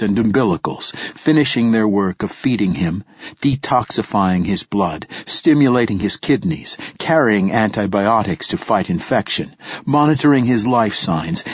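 Brief: male audiobook narrator, very low and husky, measured delivery, dry and slightly dull recording. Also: no echo. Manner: measured, descriptive storytelling. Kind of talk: scripted narration.

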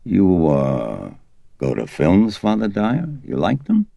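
A man with a very deep, gravelly voice reading an audiobook, voicing an older male police detective who murmurs and half-whispers, mournful and probing. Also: wildly swooping pitch, takes it slowly, dark tone, dry recording, highs cut off, exaggerated voice. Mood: wistful, probing.

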